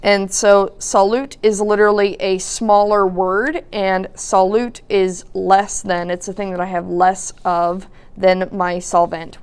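A woman teaching a recorded high school chemistry lesson, explaining patiently with occasional fillers. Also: smooth. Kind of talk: recorded lecture narration.

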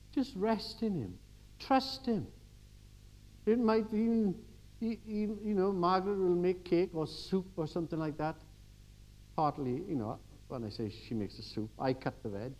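An older man giving a church sermon, telling everyday stories and swinging from quiet asides to emphatic exhortation. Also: on the high side, rough recording. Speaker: preacher.

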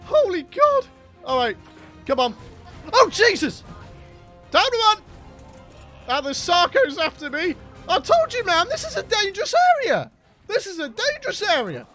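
Guy yelling at his game, super high voice, bouncy and bright, game music underneath. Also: wildly swooping pitch, moderate pace, long pauses. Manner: shouty, exclaiming, jokey insults at his pets. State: losing his voice. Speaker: gaming channel host. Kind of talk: excitable gameplay commentary. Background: game background music.

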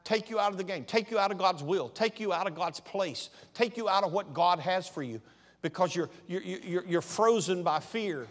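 A man preaching a sermon as pastor, moving between soft, conversational asides and loud, emphatic passages. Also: sits high, moderate pace, long reverb tail. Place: large church sanctuary.

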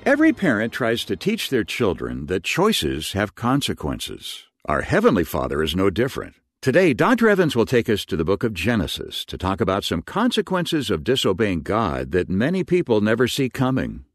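Male announcer, low-ish voice, very lively swooping pitch, polished read over music. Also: normal speed, few pauses, no echo, clean studio sound. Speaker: radio announcer. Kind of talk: scripted introduction. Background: music bed.

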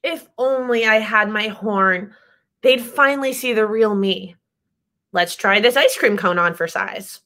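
A woman's voice: mid-range voice, measured pace. A woman voicing an earnest, insistent female bulldog who believes she is a rhinoceros, in a picture-book read-aloud. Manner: earnest, insistent, bright storybook voice.

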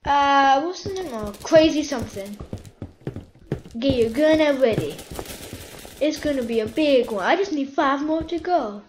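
A woman giving casual, excitable commentary while playing a shooter game, pleading with the game and cheering her kills. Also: high-pitched, measured pace, long pauses, slight background noise. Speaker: gaming YouTuber.

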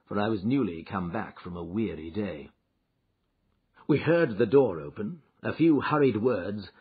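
Husky man narrating a classic story. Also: on the low side. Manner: expressive, dramatic storytelling. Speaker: audiobook narrator. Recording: dull lo-fi recording.

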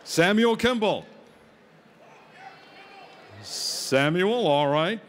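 A man's voice: high-pitched, expressive, very slow. A man emceeing a live food-eating contest, joking with contestants and hyping up the crowd. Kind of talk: live event announcing on a PA.

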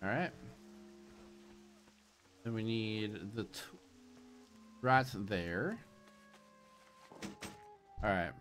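A man streaming gameplay late at night from a quiet home, sleepy and punchy, rambling and joking to himself as he plays. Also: lowish voice, expressive, drawn-out words, long pauses, soft background music. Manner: rambling and jokey, talking to himself. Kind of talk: casual gameplay commentary.

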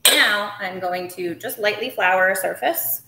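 A woman's voice: mid-range voice, measured pace, background noise. Brief: woman, cooking-show host, casual and chatty, mutters asides while working, roomy kitchen with dishes clinking faintly. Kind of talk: live cooking demonstration. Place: home kitchen.

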